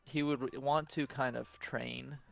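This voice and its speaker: A man playing a tabletop game, speaking slowly and hesitantly through his character's choices. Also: medium pitch, fairly even intonation, gravelly, highs cut off, faint music behind. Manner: slow, hesitant, measured. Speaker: player.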